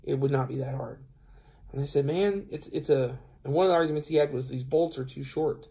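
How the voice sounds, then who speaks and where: A medium-pitched, creaky, warm voice belongs to a tired man who drives trucks, telling a story to camera at a fairly quick pace. It's a casual vlog in which he rambles, acts out both sides of the conversation, and uses many fillers.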